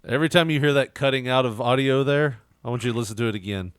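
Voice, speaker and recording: A man's voice: mid-range voice, fast, noisy background. A man co-hosting a podcast in casual, profane banter, laughing often. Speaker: co-host.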